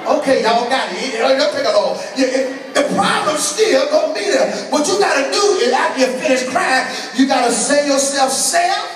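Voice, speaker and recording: A male pastor preaching a sermon, swinging from quiet asides to shouted call-outs. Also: very high voice, expressive, normal speed, few pauses, crowd noise. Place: large church sanctuary with congregation. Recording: echoey church hall from far off.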